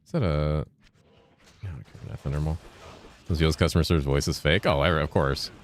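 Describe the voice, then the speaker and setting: A man's voice: very deep voice, a little fast. A man in his thirties, a streamer chatting casually and swearing freely as he answers chat, speaking in a carefully enunciated voice with a lifted inflection. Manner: laid-back, profane, reads and answers chat while playing. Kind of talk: casual gaming livestream chat.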